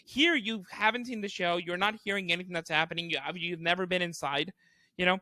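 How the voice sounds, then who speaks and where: Bright, high-voiced comedian telling stories. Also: male voice, brisk, no echo. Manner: animated, acts out quotes, swears often, laughs while telling. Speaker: podcast co-host. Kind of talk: casual storytelling chat.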